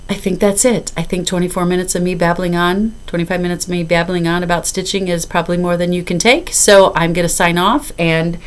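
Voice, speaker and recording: Brief: fifties woman, slightly low voice, chatty hobby vlogger, loose and apologetic. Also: fairly even intonation, fairly quick, hardly any pauses, clear, resonant tone. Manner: rambling and apologetic, with filler. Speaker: cross-stitch vlogger. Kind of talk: casual chat to camera.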